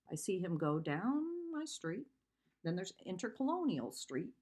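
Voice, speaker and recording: A woman's voice: a little high, pushed and bright. A woman in her fifties venting in a vlog, upset and telling a rambling, profane story. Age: 50s. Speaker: vlogger. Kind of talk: emotional personal venting.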